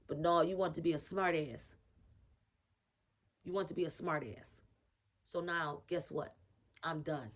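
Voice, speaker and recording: A woman putting on a furious scolding grandma. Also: low voice. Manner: rapid, scolding, raised voice. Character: furious scolding grandmother, fast-talking and fed up.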